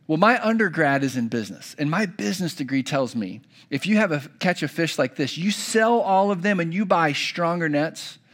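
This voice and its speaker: A man's voice: a little high, lively intonation, moderate pace, hardly any pauses, fairly bright tone. A young adult man preaching a sermon to kids, telling a story and acting out the characters' lines. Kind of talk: children's sermon.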